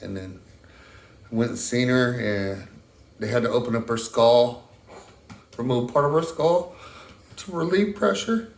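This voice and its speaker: A man's voice: medium pitch, vocal fry. Rambling middle-aged man, echoey room. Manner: rambling, halting, many restarts. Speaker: interviewee, husband of a stroke patient. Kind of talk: casual interview.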